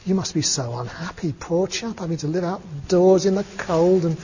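A man's voice: sits high, normal speed, warm tone, slight background noise, lightly acted. A man doing a blunt, puzzled young prince. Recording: dull lo-fi recording, long reverb.

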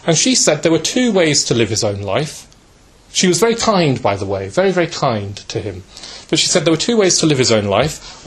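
Man, spiritual talk, gentle storytelling, mid pitch, uh fillers, asks yeah. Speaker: speaker giving a talk.

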